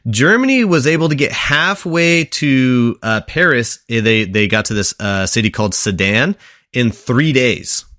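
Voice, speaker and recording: A man's voice: mid-range voice, animated, measured pace, a bit bright, no room sound, clean studio sound. A man on a podcast, presenting a history segment in casual chat, telling it like a story and quizzing his co-hosts along the way.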